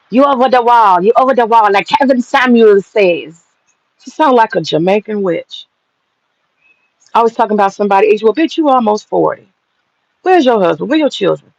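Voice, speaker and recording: A man's voice: high voice, gravelly, dry recording, lo-fi sound. A man hosting an online commentary monologue, talking in a blunt, profane and mocking way.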